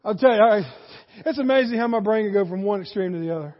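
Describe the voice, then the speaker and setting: High-voiced male preacher in a hall. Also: quick pace. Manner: animated, swings from shouts to hushed asides. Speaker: pastor. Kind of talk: sermon. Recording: dull sound, long hall reverb.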